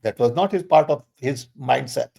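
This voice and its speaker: An older man, speaking as a guest in a conversational Q&A. He talks emphatically and insistently, stressing points with sudden jumps in pitch. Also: moderate pace, vocal fry, dark tone, breathy edge.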